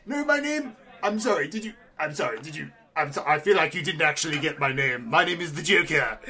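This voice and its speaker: A man voicing a theatrical mock supervillain clown, shouty and overblown. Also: on the high side, expressive, fairly quick. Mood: boastful.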